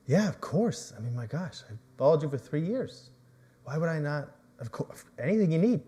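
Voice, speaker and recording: A man's voice: fairly high pitch, animated, moderate pace, mellow, lightly acted. A pastor voicing an eager male disciple who stammers as he insists on his loyalty. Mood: eager insistent.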